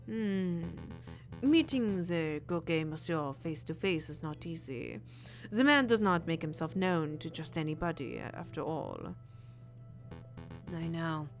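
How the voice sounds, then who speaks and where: Woman playing a suave French-tinged fox gentleman. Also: deep voice, lively intonation, unhurried, soft background music. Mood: courtly. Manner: smooth, polite, theatrical.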